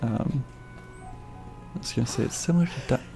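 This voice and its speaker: Low-voiced woman streamer chatting. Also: a little fast, vocal fry, warm tone, faint music behind. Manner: chatty, sarcastic asides. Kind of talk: casual gameplay commentary.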